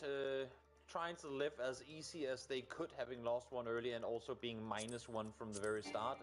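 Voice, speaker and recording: A man doing live esports play-by-play, lively and teasing toward his co-caster. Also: mid-range voice.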